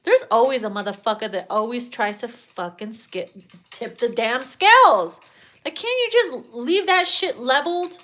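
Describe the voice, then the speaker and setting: A woman's voice: on the high side, moderate pace. A woman giving a casual tarot reading, swearing freely and laughing often. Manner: profane, laughing, animated. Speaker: tarot reader.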